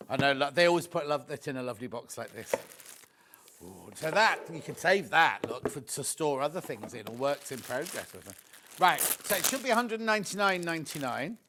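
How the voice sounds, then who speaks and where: A man presenting a live TV shopping demo, chatty and excitable, gushing over the products and chatting with viewers and crew. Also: on the high side, background noise.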